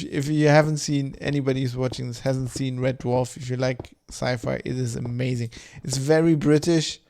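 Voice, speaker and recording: A man's voice: medium pitch, gravelly, darkish tone, a little hiss or hum. A man streaming a game, rambling in loose, casual chat full of swearing and fillers. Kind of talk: casual chat while gaming.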